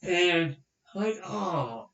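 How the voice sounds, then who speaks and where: A fairly high-voiced young man tells a long, rambling story on a podcast and acts out the other people's lines. His voice sounds roomy and a bit far from the mic. The recording is dull. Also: drawn-out words, creaky. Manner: rambling, animated, acts out quotes. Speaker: podcast host. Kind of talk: casual storytelling chat.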